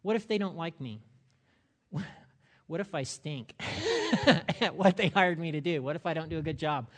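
High-voiced pastor preaching in a hall. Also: male voice, moderate pace. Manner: animated storytelling with laughter. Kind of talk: sermon.

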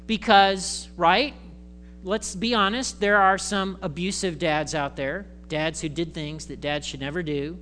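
A male pastor giving a conversational, animated sermon in church, acting out voices. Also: fairly high pitch, moderate pace, hardly any pauses, a little hiss or hum.

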